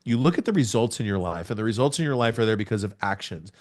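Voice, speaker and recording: A man in his forties sharing a personal testimony on a podcast. His voice sits on the low side, and he tells it like a storyteller, acting out moments with sound words. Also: fast. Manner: animated storyteller, acts out scenes with sound words. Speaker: podcast guest.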